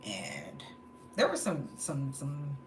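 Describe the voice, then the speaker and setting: Low-voiced woman venting on a livestream. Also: wildly swooping pitch, takes it slowly. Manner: candid, venting, laughing between stories. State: tired from no sleep. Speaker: livestream host. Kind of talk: casual livestream monologue. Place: indoors at home, late at night. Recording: roomy echo, faint background noise.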